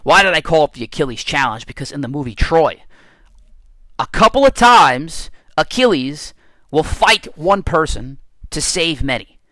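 A middle-aged man hosts his own podcast, spinning stories with lively, self-amused energy. His voice sits a little high for a man. The recording is close and dry, with no room echo. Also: moderate pace. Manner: animated storyteller, laughs at his own stories. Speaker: podcast host and strength coach. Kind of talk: casual solo podcast monologue.

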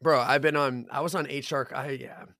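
A man's voice: mid-range voice, steady tone, normal speed, pushed and bright, no echo, clean studio sound. A young man on a podcast, telling a story in casual chat, swearing a lot and acting out the lines of the people in it. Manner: swears a lot, laughing storyteller, acts out quotes. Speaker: podcast co-host.

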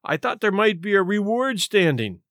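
A man's voice: high-pitched, sing-song, moderate pace, a bit bright, no echo, studio quality, voice pushed up, heavily acted. Male reader as haughty derelict, lofty and sneering, storybook reading. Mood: sly. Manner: prim, lofty, scornful.

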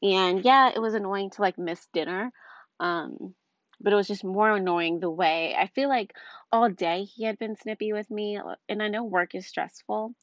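A woman's voice: medium pitch, normal speed, dry recording. A young woman telling a personal story in a casual, rambling way, full of fillers and asides. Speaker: vlogger. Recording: dull lo-fi recording, dry.

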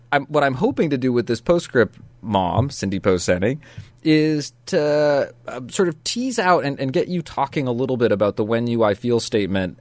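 A man's voice: mid-range voice, no echo. A man hosting a conversation, speaking thoughtfully and measuredly, with some hesitations as he works through his ideas. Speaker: podcast host. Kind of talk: casual conversation.

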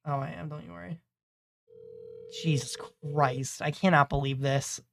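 A man's voice: on the high side, steady tone, normal speed, vocal fry, a little hiss or hum. A man in his twenties co-hosting a casual podcast, bantering emphatically and swearing freely. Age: 20s. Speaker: podcast co-host. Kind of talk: casual chat.

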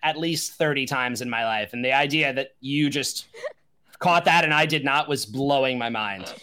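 A man's voice: medium pitch, normal speed, sharp tone, clear, resonant tone. A man from Long Island with a faint Long Island accent, chatting casually on a podcast and rambling through restarts and fillers. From Long Island, New York. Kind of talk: casual chat.

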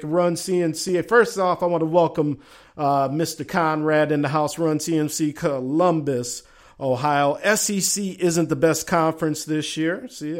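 A man with a Southern drawl hosts a laid-back sports talk show. His voice sits a touch higher than most men's, and he rambles in a folksy way, musing over teams and reading out chat comments.

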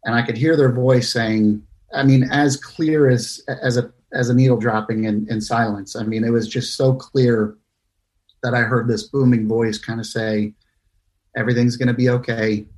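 Flat-voiced man recounting a personal ordeal. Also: medium pitch. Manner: halting, many fillers and restarts, earnest. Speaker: near-death experience storyteller. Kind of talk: personal story told in casual talk.

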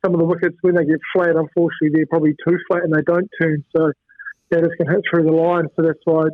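A man from New Zealand, a former fast bowler and coach, chatting casually with lots of fillers over the phone. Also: on the high side, no room sound. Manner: relaxed, rambling with many fillers. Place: home in Queensland, by phone. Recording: tinny phone line.

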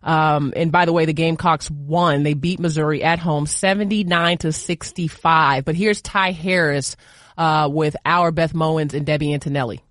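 A woman's voice: low-pitched, steady tone, moderate pace, no echo, studio quality. A woman hosting a podcast, chatting playfully with a guest and laughing easily. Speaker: podcast host. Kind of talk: casual chat, interviewing a guest.

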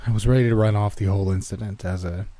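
Male horror narrator; mellow, dark tone, steady and measured. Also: lowish voice, no room sound.

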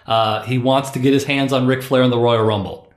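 A man's voice: medium pitch, steady tone, a little fast, roomy sound. A man hosting a casual podcast chat, explaining things to a friend and laughing often. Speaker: podcast host.

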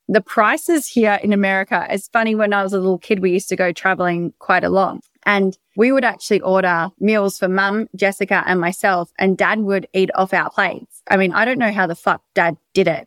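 An Australian woman hosts her own podcast alone, speaking straight into a dry, close mic with no room sound. She rambles through stories with lively energy and drops swear words freely. Her voice sits at a middle pitch for a woman. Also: moderate pace, no echo. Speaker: podcast host. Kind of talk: casual solo podcast monologue. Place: bedroom.

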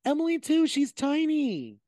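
A man's voice: very high-pitched, a little slow, no room sound. Guy gossiping on a podcast, swears a lot, voice all over the place, dry sound. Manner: animated, profane, gossipy. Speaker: podcast host. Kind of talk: casual gossip chat.

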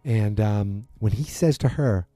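A man in casual chat, rambling through a TV episode recap with many fillers and quick acted-out quotes. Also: on the low side, warm tone, no room sound, clean studio sound. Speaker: podcast host recapping a TV drama.

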